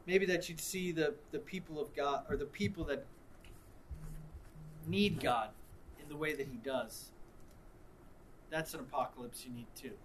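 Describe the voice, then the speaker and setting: A man preaching, mixing reflection with an animated story in which he acts out the people involved. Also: on the high side, unhurried, pauses often, a little hiss or hum. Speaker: pastor. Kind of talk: sermon with storytelling.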